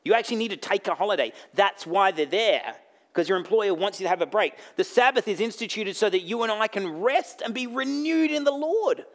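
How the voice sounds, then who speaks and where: Blunt, jokey Australian pastor with a high voice. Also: male voice, lively intonation, a little fast. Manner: blunt, jokey, swings between loud bursts and quiet asides. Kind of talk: sermon.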